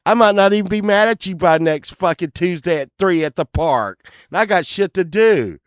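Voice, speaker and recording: A man's voice: sits high, expressive, moderate pace, smooth, no echo, clean studio sound. A man telling a story casually, rambling and cursing often, laughing at himself as he goes.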